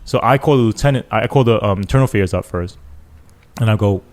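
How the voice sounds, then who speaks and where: A man's voice: on the low side, quick pace. A police sergeant, a man, tells a story in casual podcast talk, acting out the dialogue and often checking in with "right?". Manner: animated retelling, acts out quoted dialogue, keeps checking in with "right?".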